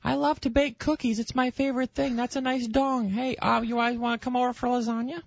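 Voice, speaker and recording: A prim, chatty suburban housewife chirps along in a high, mocking sing-song, as a man puts her on. The sound is dry and a little dull, like a radio studio feed. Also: little pitch movement, fairly quick, vocal fry, dry recording.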